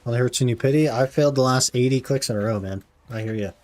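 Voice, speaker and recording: Streaming a game live, a young man keeps up laid-back, casual chat with viewers, frequently addressing them as "man." He talks fast in a mid-range voice with a darkish tone.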